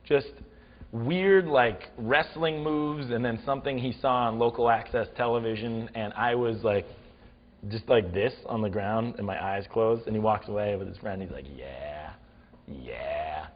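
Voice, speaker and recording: A man's voice: medium pitch, normal speed, lo-fi sound. A man telling a funny story as a talk show guest, acting out the scenes. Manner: animated, acts out the scenes. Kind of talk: comic storytelling.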